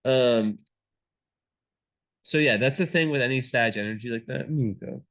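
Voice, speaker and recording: A man's voice: medium pitch, normal speed, a bit bright, rough recording. A man giving a casual astrology reading, rambling with many fillers and restarts.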